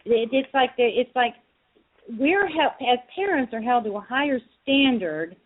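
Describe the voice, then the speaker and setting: An earnest woman on a call-in show, her voice sitting a little high for a woman and squeezed through a narrow, phone-like line. She talks in long loose runs, piling one thought onto the next. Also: expressive, unhurried. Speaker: guest, advocacy group director. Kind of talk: casual call-in chat.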